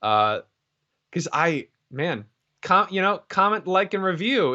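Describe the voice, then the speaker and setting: A man's voice: high-pitched, sing-song, slow pace, bright, forceful tone. Wry man on a dull lo-fi podcast mic. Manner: wry, playful, thoughtful. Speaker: podcast co-host. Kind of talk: casual chat. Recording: dull lo-fi sound.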